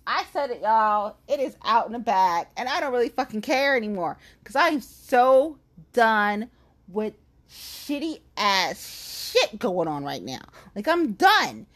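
A woman unloads in a heated, profane rant, blunt and emphatic. Her voice sits on the higher side and swings widely up and down as she presses her points. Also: very animated, a little slow, fairly bright tone. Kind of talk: angry venting rant to camera.

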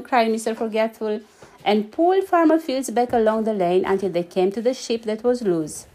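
A woman reading a children's story aloud, lively and animated, giggling now and then. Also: a little high, normal speed.

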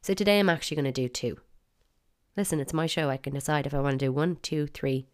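A woman with an Irish accent talks her listeners through her podcast with a deep, low-pitched voice. She is chatty and opinionated and leans playfully on words she wants to stress. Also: fast talker, a little mellow, clean tone. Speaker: podcast host. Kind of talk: solo podcast monologue.

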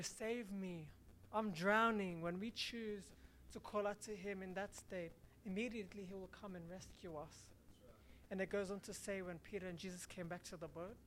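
A woman's voice: mid-range voice, slight background noise. A woman preaching a sermon, reading a scripture passage and then explaining it earnestly, with some restarts.

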